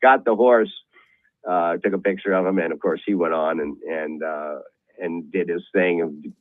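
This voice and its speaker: A middle-aged man telling a horse racing office story on a call-in show, halting and rambling with many restarts. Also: sits low, steady tone, dry recording. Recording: tinny phone line.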